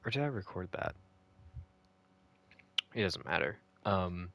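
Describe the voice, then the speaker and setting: A man's voice: on the low side, very animated, unhurried, gravelly, long pauses, fairly bright tone. A man recapping a video game, ranting and swearing in frustration. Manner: ranting, profane and exasperated. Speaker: gaming video host. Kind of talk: casual game recap commentary.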